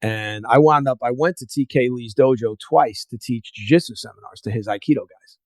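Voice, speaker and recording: A podcast host tells lengthy martial arts stories during a casual interview, speaking fairly quickly in a medium pitch on a dry recording. He leans on lots of fillers and performs the lines of the people in his tales.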